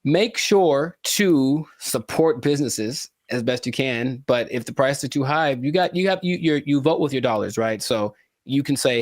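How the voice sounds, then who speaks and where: A man's voice: mid-range voice, expressive, normal speed, no echo, studio quality. A man from California co-hosting a casual podcast, playful and given to dramatic asides and repeated lines. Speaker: podcast co-host.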